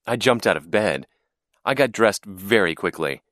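A man narrating a first-person storybook in a clear, expressive reading. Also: fairly low pitch, moderate pace, no echo, clean studio sound.

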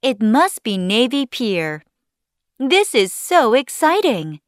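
A woman voicing a young, adventurous boy who is a hair on a man's head, talking in eager, excited bursts. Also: fairly high pitch, slow pace, dry recording, clean studio sound.

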